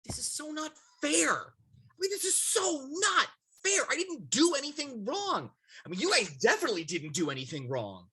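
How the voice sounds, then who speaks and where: A man's voice: a little high, wildly swooping pitch, very fast, hardly any pauses, fairly bright tone, husky, no room sound, exaggerated voice. A man voicing an earnest, hopeful teenage boy hero in a fan table read of a film script. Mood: upset. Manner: earnest, pleading.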